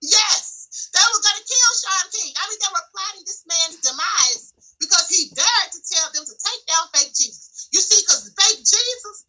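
High, sharp-voiced woman podcast host. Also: animated, moderate pace, rough recording. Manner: chatty storyteller, calls listeners honey. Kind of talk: casual commentary podcast.

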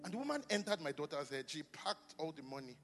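A man preaching in a church hall, his slightly high voice ringing with long reverb. He talks in a chatty, animated way, joking with the congregation and calling out to them. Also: fast talker, soft background music. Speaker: pastor. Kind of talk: sermon.

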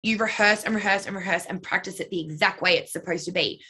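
A woman's voice: fairly low pitch, fast talker, pushed and bright, slightly rough. A young woman, a dance and cheer coach and choreographer, answering interview questions in a chatty way, full of "like" and "you know".

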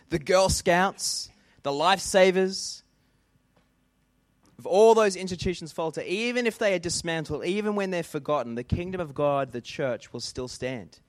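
A man's voice: sits high, no room sound, studio quality. A man with an Australian accent preaching a sermon as a pastor, emphatic and stacking lists for effect.

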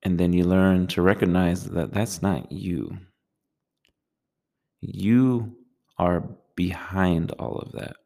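A man giving a calm, measured talk on meditation, speaking in a slow and soothing way. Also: deep voice, vocal fry. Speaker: meditation teacher.

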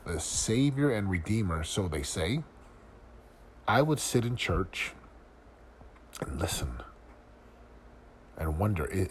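A man's voice: sits low, slight background noise. A middle-aged man hosting a podcast, speaking earnestly and confessionally in a personal reflective monologue, asking searching questions. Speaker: podcast host.

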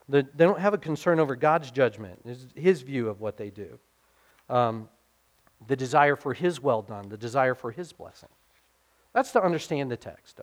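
A middle-aged male pastor delivering a sermon in an earnest, conversational manner. His voice sits a little high for a man, and he keeps checking that his listeners follow along. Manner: earnest, conversational preaching with frequent "okay?" and "right?" checks.

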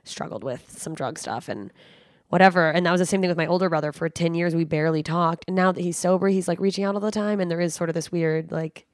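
A young woman with a lowish voice chats as a guest on a podcast, blunt and profane, swinging into lively storytelling. The sound is close and dry, with no room in it. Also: fast talker, no echo. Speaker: comedian guest. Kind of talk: candid podcast chat.

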